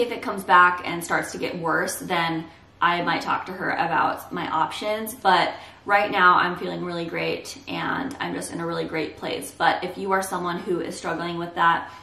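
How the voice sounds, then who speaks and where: A woman's voice: fairly low pitch, bright, forceful tone, far from the mic. A young woman talking candidly and reassuringly to camera in a casual vlog. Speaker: vlogger. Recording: roomy echo, a bit off the mic.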